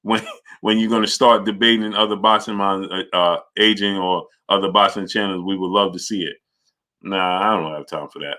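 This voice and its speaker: A man with a low but bright, forward voice runs a live boxing chat stream. He rattles off viewer names between points and argues back at the chat with conviction. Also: steady tone, fairly quick. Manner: greets viewers by name, argues forcefully. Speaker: boxing channel host.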